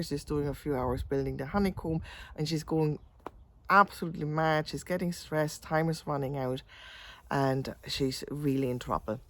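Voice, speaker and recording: A woman telling a gentle, chatty little story in a casual way. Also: deep voice, slight background noise.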